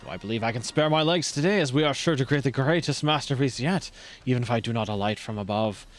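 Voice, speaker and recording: A man's voice: mid-range voice, fast, lightly acted. A man voicing a pompous, flamboyant male artist gym leader with a put-on French accent, speaking in a grandiose, formal way.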